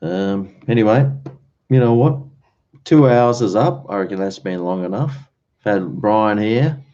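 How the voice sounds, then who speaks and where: In a lowish, dark-toned voice, this Australian livestream host takes his time on a late-night stream. His talk wanders in an easygoing way, broken by chuckles, over muffled lo-fi audio.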